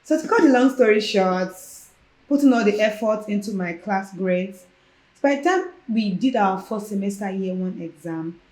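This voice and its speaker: A young Nigerian woman recounts her own story as a podcast guest, lively and conversational. She slips into the voices of the people she quotes. Her voice sits at a medium pitch and carries a noticeable room echo. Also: moderate pace. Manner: animated, acts out quoted dialogue. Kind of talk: casual personal storytelling. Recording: roomy echo.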